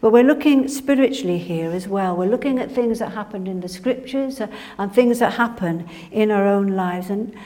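A woman's voice: mid-range voice, darkish tone. A woman preaching a sermon in an earnest manner, now and then dropping her voice to a whisper for emphasis. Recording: reverberant hall.

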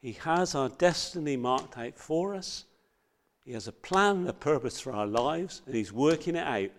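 A man preaching a sermon, earnest and reading scripture with loud emphasis. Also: mid-range voice, animated, a little slow.

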